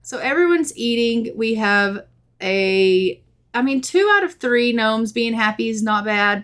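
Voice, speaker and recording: A woman giving casual, chatty let's-play commentary, giggling and voicing her characters' thoughts in quick asides. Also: medium pitch. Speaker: gameplay narrator.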